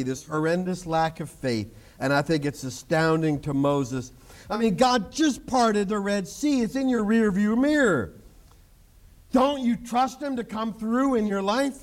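A man preaching a sermon to his congregation, animated, joking and acting out the people in the story. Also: high voice, measured pace. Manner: animated preaching with jokes and acted-out quotes. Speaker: pastor.

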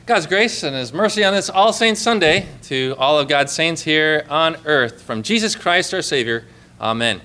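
Bright-voiced man preaching a sermon. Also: fairly high pitch, lively intonation, normal speed. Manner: conversational preaching with rhetorical questions. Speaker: pastor.

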